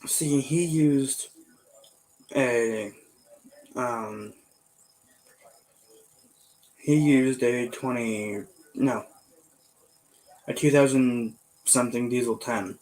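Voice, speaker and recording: Slow, rambling man chatting. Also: mid-range voice, a little mellow, low-quality recording. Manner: rambling, halting, many fillers and self-corrections. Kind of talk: casual chat.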